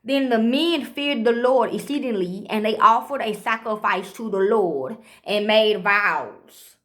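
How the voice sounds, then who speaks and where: A woman, reading scripture slowly and breaking into rambling, profane commentary with constant "okay?" asides. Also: fairly high pitch, a bit bright. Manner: reads slowly, then rambles fast with frequent "okay?" and swearing. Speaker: amateur preacher.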